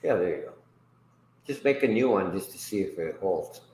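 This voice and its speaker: Man, deep voice, rambling profane livestream chat, echoey room, faint background hiss. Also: lively intonation, normal speed, darkish tone. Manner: profane, rambling, laughs often. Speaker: host.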